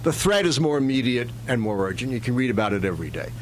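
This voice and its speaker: A man's voice: mid-range voice, expressive, fast talker, slight background noise. A man, an author, speaking emphatically in an interview clip, in a lecturing way.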